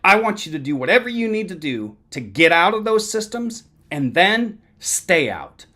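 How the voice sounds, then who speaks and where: A man putting on a gruff New York old-timer. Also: sits high, very animated, moderate pace, sharp tone, exaggerated voice. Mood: blunt. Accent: attempted New York. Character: blunt older New York man, plain-spoken mentor.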